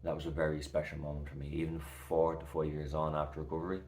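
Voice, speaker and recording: Very deep, flat-voiced man. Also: quick pace, reverberant, a little hiss or hum. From Ireland. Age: 30s. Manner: earnest, reassuring, rambling with fillers. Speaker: recovery coach vlogger. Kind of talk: heartfelt casual talk to camera.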